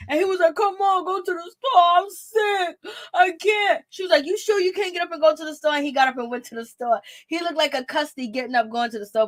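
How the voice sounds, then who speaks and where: High-voiced woman dishing casual gossip. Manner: animated, laughing, blunt and profane. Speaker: commentator on a reality show. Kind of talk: casual reaction commentary.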